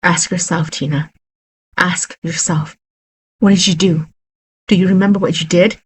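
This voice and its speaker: A woman's voice: fairly low pitch, steady tone, normal speed, breathy edge. A woman reading a horror story aloud, voicing a bitter, wounded husband who talks in an accusing, pleading way.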